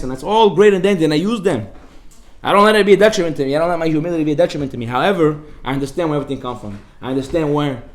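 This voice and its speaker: A man, a rabbi giving a lively Torah class to a room, acting out voices and laughing often. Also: fairly high pitch. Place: synagogue study hall.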